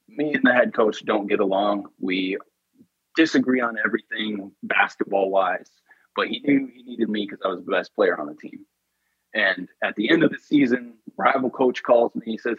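A man's voice: on the low side, slightly rough, no echo, highs cut off. A man earnestly telling a personal story in an interview, emotional and full of "you know" and "like".

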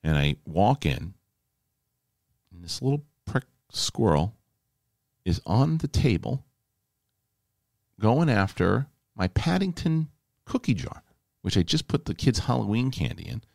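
A man hosting a podcast, telling a story in a casual, animated, emphatic way and swearing freely. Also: on the low side, measured pace, creaky, pauses often, dry recording, clean studio sound. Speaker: podcast host.

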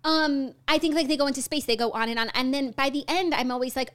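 A woman's voice: high voice, fairly bright tone. A woman co-hosting a podcast, chatting casually and playfully about pop culture news. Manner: chatty, playful, quick asides. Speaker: podcast co-host.

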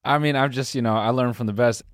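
A young man co-hosting a podcast, teasing deadpan and laughing often in casual banter. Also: mid-range voice, fast talker, dry recording, studio quality. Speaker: podcast co-host.

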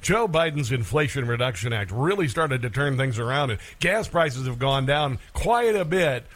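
A man hosting a talk radio show, delivering an emphatic, sarcastic opinion monologue with rapid asides. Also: mid-range voice, animated, a bit bright.

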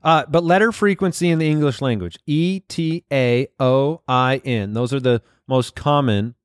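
A man's voice: mid-range voice, moderate pace, smooth, no echo, clean studio sound. A man co-hosting a comedy podcast in casual chat, wry and playful with wordplay, on a remote call mic. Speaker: podcast co-host.

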